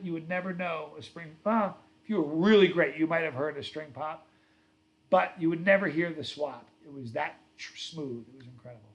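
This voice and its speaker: Rambling middle-aged man, slightly high voice. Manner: rambling, reads viewer comments aloud; storytelling, self-correcting. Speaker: livestream host. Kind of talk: casual livestream chat.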